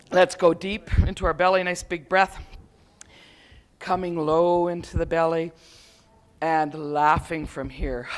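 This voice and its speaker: A woman instructor leading a live group through laughter yoga at a conference session, playful and quick to laugh as she chants and calls out to the group. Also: fairly low pitch.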